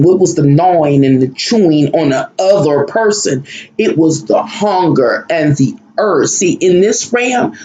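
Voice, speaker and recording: A man's voice: a little high, darkish tone, roomy sound, rough recording. A man telling of a dream in an emotional, searching monologue, often repeating himself and trailing off. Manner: emotional, searching, repetitive, halting. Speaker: spiritual vlogger. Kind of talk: personal monologue about a dream.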